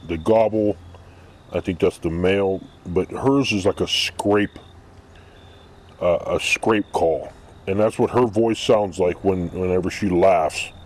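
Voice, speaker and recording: Low-voiced guy rambling bluntly outside, casual vlog rant. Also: a little mellow. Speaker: vlogger. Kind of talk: casual opinion monologue.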